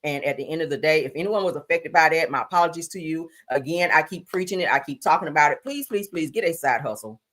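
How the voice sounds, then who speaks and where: A woman hosting a livestream, giving sassy, animated commentary on news and gossip, swearing freely and calling listeners honey. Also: low-pitched, quick pace, few pauses. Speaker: livestream host.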